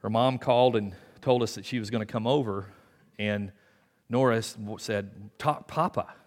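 An older man preaching a sermon in a church, talking in a conversational way and dropping to quiet asides. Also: on the low side, fairly even intonation, moderate pace. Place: church sanctuary. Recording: long hall reverb in a church.

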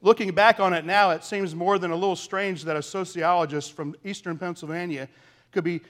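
A man's voice: high-pitched, fairly even intonation, brisk, fairly bright tone. A man preaching a sermon, telling a story earnestly with big swings in volume. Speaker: pastor.

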